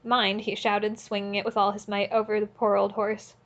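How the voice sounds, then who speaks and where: A woman's voice: mid-range voice, a little fast, lo-fi sound. Woman reading an audiobook aloud. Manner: steady, earnest reading with small self-corrections. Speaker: audiobook reader. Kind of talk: audiobook narration.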